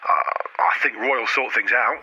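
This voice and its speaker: A man's voice: mid-range voice, normal speed, pushed and bright, slightly rough. A man putting on a hesitant football fan calling in to a radio show, who mumbles and stalls. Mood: glum. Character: hesitant male London football fan caller. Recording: tinny phone line.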